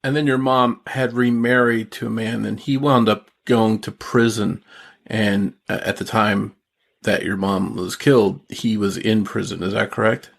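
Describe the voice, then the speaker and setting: A man hosting a podcast, asking gentle, careful interview questions. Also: lowish voice, fairly even intonation, measured pace, creaky. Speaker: podcast host.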